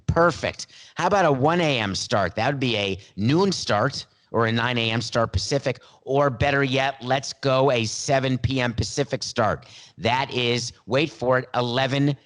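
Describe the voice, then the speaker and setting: A man hosting a sports talk podcast, delivering a sarcastic, playful monologue with theatrical emphasis and asides, into a studio mic. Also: mid-range voice. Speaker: podcast host.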